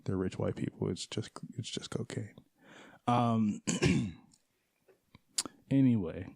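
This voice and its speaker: Man, podcast co-host, low voice, animated, profane storytelling, dry recording. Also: slow, gravelly, breathy edge, no echo. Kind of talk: casual movie review chat.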